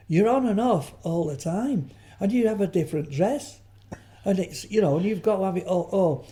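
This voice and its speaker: An older man, a veteran comedian, is a guest in an interview full of anecdotal chat, telling rambling stories with many restarts and trailing asides. His voice is a little high and mellow.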